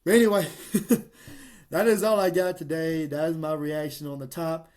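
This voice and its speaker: A man ranting as a fan about football rankings, exasperated and animated. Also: a little high, moderate pace. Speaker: sports commentator. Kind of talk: fan reaction commentary.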